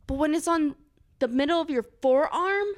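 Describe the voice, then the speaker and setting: High-voiced young woman telling a story. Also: moderate pace. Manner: swears often, acts out quotes in a high panicked voice. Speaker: podcast co-host. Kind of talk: casual podcast storytelling.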